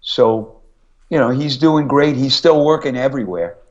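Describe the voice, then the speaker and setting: A man's voice: medium pitch, normal speed. Older man telling stories, lo-fi. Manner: storytelling, animated when quoting family. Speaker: guest singer. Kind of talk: casual interview chat.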